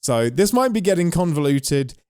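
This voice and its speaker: A man co-hosting a podcast in casual chat, enthusiastic and quick to laugh. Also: a little high, sing-song, darkish tone, clear, resonant tone, no room sound, studio quality. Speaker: podcast co-host.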